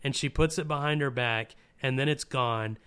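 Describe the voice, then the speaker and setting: A man in a casual podcast chat, his voice smooth and clear at a middling pitch. He talks with warm enthusiasm, stumbling through restarts and fillers as he gets caught up in feeling. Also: moderate pace. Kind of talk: casual film discussion.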